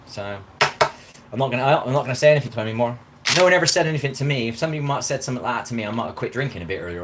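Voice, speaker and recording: A man's voice: on the low side, noisy background. A man talking in a rambling, casual live-stream monologue, constantly asking "do you know what I mean". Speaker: vlogger. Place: outdoors in a park.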